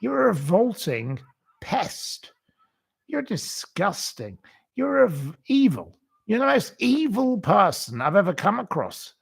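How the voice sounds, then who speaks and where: A man's voice: high voice, sing-song, takes it slowly, creaky, slightly rough. A man hosting a livestream, reading out viewer comments and ranting bluntly with repeated insults. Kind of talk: casual live-chat rant.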